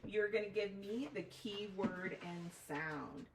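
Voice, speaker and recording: A woman teacher giving a phonics lesson, spelling letters out slowly and deliberately, recorded from a distance in a classroom. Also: mid-range voice. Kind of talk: phonics lesson, step-by-step instruction. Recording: echoey room from far off, faint noise.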